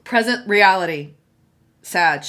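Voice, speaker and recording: A woman giving a solo tarot reading, excitable and gushing, repeating phrases for emphasis. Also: mid-range voice, slow pace. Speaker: tarot reader.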